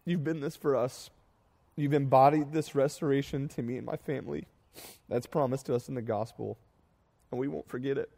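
Pastor with a mellow, emphatic cadence. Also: male voice, mid-range voice, steady tone, creaky. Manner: builds to rising emphatic repetition, then tearful and halting. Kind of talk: farewell sermon.

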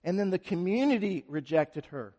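A man preaching a sermon, telling a story dramatically and swinging from loud, fast passages to hushed, slow ones. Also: sits high, lively intonation, in a large hall.

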